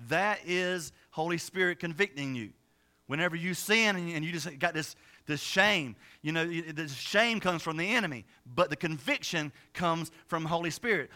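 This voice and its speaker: High, bright-voiced energetic male pastor. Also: moderate pace. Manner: energetic, conversational, many restarts and asides. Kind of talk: sermon.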